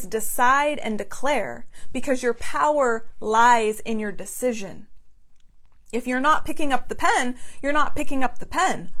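A woman's voice: a little high, fairly bright tone. A woman hosting a mindfulness podcast, speaking in an earnest, emphatic, motivational way and stretching words out for emphasis. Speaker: podcast host.

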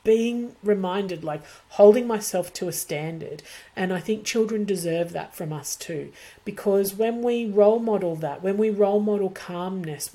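A woman's voice: medium pitch, a little mellow. Earnest middle-aged woman host. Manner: earnest, self-correcting, laughs at herself. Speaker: podcast host for family daycare educators. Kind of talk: casual reflective podcast talk.

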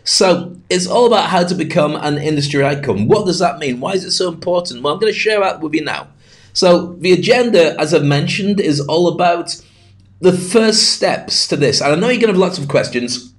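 Middle-aged male podcast host, fast-talking and jokey, slightly higher voice. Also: animated. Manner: chatty, jokey, talks fast with asides. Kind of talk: solo podcast monologue. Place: home studio.

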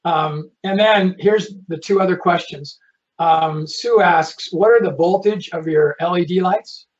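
Guy hosting a webinar, reads out questions, chatty and rambly, a bit high, lo-fi sound. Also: a little slow. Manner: friendly, reads audience questions, rambling asides. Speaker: host of a live online community session.

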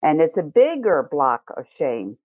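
Woman, slightly low voice, animated teaching manner, tinny phone-quality audio. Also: unhurried, dry recording. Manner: animated, acts out feelings in first person. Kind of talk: conversational teaching. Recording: tinny phone-like line, dry.

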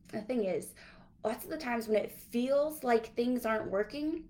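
A woman's voice: mid-range voice, darkish tone. A woman giving a livestreamed motivational talk to entrepreneurs, earnest and repetitive, often restarting her phrases. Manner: earnest, repetitive, self-correcting. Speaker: business coach.

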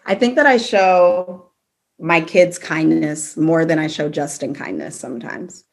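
A woman's voice: deep voice, lively intonation, a little slow, gravelly. A young woman co-hosting a casual faith podcast, talking reflectively and laughing between her thoughts. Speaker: podcast co-host. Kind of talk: faith-based casual chat.

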